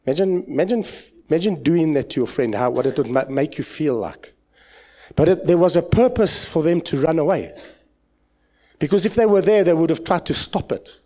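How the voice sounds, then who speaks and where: A man with a South African accent, a pastor preaching an impassioned sermon in church, swinging between loud exclamations and low asides. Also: expressive, moderate pace.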